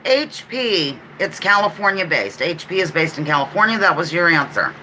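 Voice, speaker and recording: A woman with a Pennsylvania accent hosting a live trivia stream at home. She chats casually, corrects herself and repeats clues slowly. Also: on the low side, sing-song, pushed and bright, a little hiss or hum, rough recording. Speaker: trivia livestream host.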